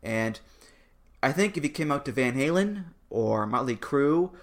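Male podcast co-host, mid-pitched, wry and joking, casual delivery. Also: animated, measured pace. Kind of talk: casual chat.

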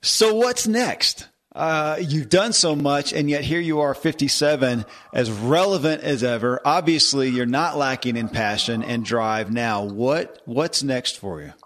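Guy hosting a podcast, middle-pitched voice, asks questions in bits and pieces. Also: a bit bright. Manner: halting, rephrases his questions. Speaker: podcast host. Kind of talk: interview questions.

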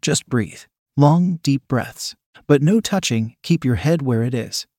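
A cool, controlled woman gives orders in a hushed, even voice, as a male narrator puts her on. The sound is dry and close, with no room around it. The voice sits at an ordinary middle pitch. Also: moderate pace, dry recording, lightly acted. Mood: commanding. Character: commanding dominant young woman.

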